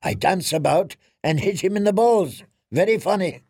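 Sardonic male dwarf, voiced by a man: dry wit, gravelly, slow, close dry mic. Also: sits high, expressive, a little mellow, no echo, voice pushed up, heavily acted. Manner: dry, mocking. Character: sardonic grown male dwarf, sharp-tongued.

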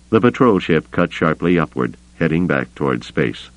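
A man narrating an audiobook in an expressive, varied storytelling manner. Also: a bass voice, moderate pace, hardly any pauses, dry recording. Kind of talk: scripted narration. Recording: dull, muffled dry recording.

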